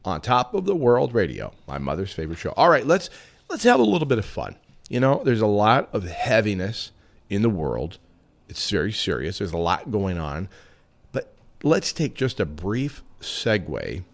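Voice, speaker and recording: A man's voice: on the low side, moderate pace, gravelly. A man hosting his own radio show, telling jokes and musing in a casual, reflective monologue. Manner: joking and reflective, lively delivery.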